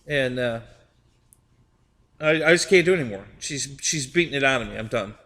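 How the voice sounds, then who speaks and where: A man's voice: medium pitch, animated, normal speed, sharp tone, big-room sound. A man hosting a live stream, chatting casually with viewers, rambling and repeating his words and laughing often.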